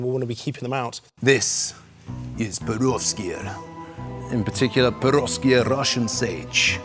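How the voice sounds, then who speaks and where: An enthusiastic man presenting gardening tips outdoors in a casual, chatty way, with jokey asides. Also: mid-range voice. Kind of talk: casual outdoor how-to demonstration. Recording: music bed under the voice.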